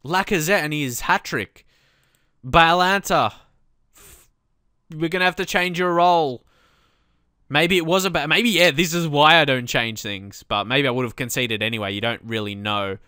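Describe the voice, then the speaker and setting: A man commentating on his own football management game, calmly explaining tactics and then shouting when goals go in. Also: a little high, moderate pace, smooth, dry recording, studio quality. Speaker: let's play host.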